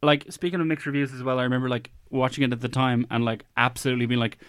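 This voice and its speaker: A man's voice: mid-range voice, flat delivery, fairly bright tone, smooth, no echo, clean studio sound. A young man on a film podcast, telling a story casually with lots of fillers. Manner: rapid, filler-heavy storytelling. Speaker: podcast co-host.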